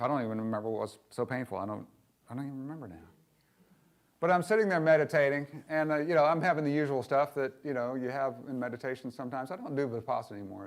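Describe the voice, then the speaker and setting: A middle-aged male minister giving a candid, conversational sermon, often putting questions to the congregation and going soft and hushed in tender moments. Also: fairly high pitch.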